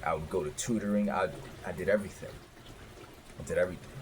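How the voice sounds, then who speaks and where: Deep-voiced man telling his story, profane. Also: fast talker, slight background noise. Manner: profane, candid, animated retelling. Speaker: former doctor telling his life story. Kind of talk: casual storytelling.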